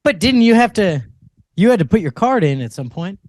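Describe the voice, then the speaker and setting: A man's voice: high voice, sing-song, brisk, a little mellow, no echo, clean studio sound. A young man co-hosting a casual comedy podcast, chiming in with wry jokes and frequent laughter. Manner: wry interjections, laughs often. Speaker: podcast co-host.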